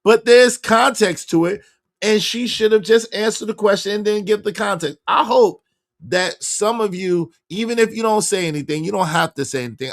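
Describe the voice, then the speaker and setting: A man's voice: high voice, no echo, studio quality. A man hosting a live stream, giving preachy, mocking reaction commentary as he talks back to a clip.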